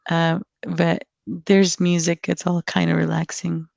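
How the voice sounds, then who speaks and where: Giggly gravelly-voiced woman guest. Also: fairly low pitch, little pitch movement, measured pace, a little mellow, no room sound. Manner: giggly, rambling, many ums. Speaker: guest co-host. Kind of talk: casual live-stream chat.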